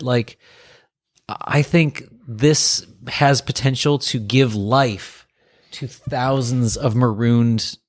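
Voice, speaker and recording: A man's voice: mid-range voice, fairly even intonation, extremely slow. A man co-hosting a podcast who talks earnestly and with enthusiasm. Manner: earnest, enthusiastic, with fillers and restarts. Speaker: podcast co-host. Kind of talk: casual podcast chat.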